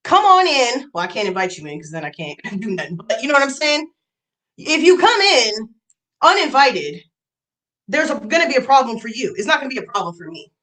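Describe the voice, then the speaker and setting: A young adult woman ranting on a livestream, heated and profane, hammering her points by saying them twice. Her voice sits high and swings widely in pitch, with a bright, sharp edge. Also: big pitch swings, fairly quick. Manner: heated, profane, repeats lines for emphasis. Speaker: YouTube streamer.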